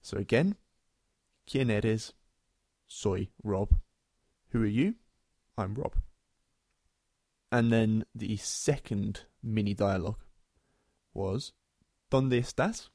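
A man co-hosting a language podcast, patiently explaining Spanish phrases and repeating them slowly. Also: on the low side, vocal fry, a little mellow, dry recording, studio quality.

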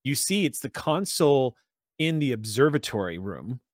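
Man, game master, descriptive narration, mid pitch, dry sound. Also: very animated, moderate pace, no room sound. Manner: descriptive, conversational narration with fillers.

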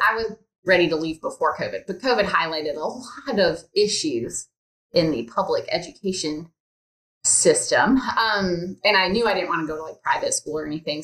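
A woman's voice: fairly low pitch, fairly bright tone. A woman guest on a podcast, an instructional designer, talking casually and chatting freely with many ums and likes. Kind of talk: casual interview chat. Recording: roomy echo.

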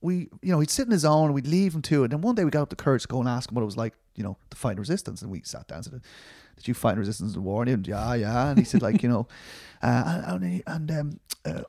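A man's voice: medium pitch, lively intonation, racing, few pauses, dark tone. A middle-aged man, a documentary filmmaker, answering interview questions in a rambling, self-deprecating way, full of restarts and fillers.

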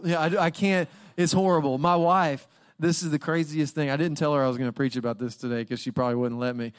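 A man's voice: fairly high pitch, clear, resonant tone. A young man preaching as a guest speaker, telling funny personal stories in a conversational way and laughing often before turning to his sermon. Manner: conversational, jokey storytelling with frequent laughs.

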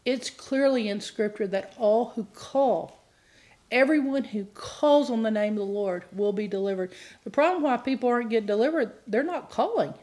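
Middle-aged female minister, somewhat high-pitched, earnest sermon delivery that builds to fervent appeals. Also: normal speed, darkish tone. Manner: earnest, rises to impassioned pleading. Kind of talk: teaching sermon.

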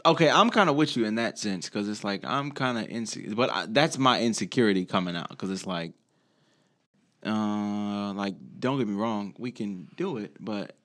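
Man, low voice, relaxed swearing banter in a casual panel chat. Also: moderate pace. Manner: laid-back, swearing, laughs easily.

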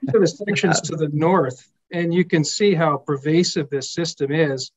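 A man's voice: a little high, moderate pace, breathy edge. A man who is a company executive, talking up a project's potential in an upbeat, confident, promotional way. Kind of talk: promotional interview talk. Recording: dull lo-fi audio.

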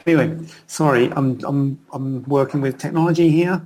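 Speaking at a moderate pace in a medium-pitched, slightly mellow voice, a middle-aged plastic surgeon holds a live Q and A chat from his computer. He rambles, chats freely, and keeps cutting himself off.

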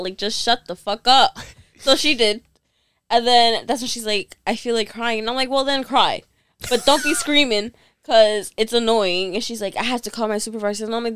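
Young woman, blunt and lively, clear smooth voice a bit high, dry close sound. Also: dry recording. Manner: blunt, animated retelling. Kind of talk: casual storytelling chat.

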